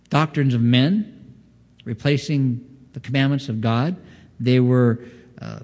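A male pastor with a medium-pitched voice preaches an expository sermon, explaining scripture in an earnest teaching tone. He often stops to pose rhetorical questions before answering them himself. His voice carries a long reverb, as if recorded in a large hall. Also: darkish tone.

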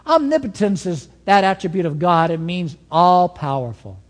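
A man preaching a sermon as pastor, telling stories with an animated delivery that swings between soft asides and emphatic points. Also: high voice, normal speed, long reverb tail.

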